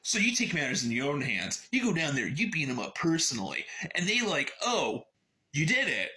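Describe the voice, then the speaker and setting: A man retelling a book's plot in a casual, sarcastic way. His voice is fairly high and bright, and his pitch swings a lot as he talks. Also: big pitch swings, a little fast. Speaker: book reviewer. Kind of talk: casual book summary.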